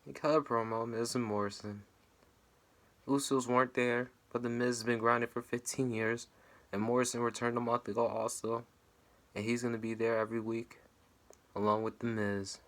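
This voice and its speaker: A man's voice: little pitch movement, normal speed, fairly bright tone. Casual young man recapping a wrestling show. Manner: swings into high, wailing mock-crying. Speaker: wrestling reaction vlogger.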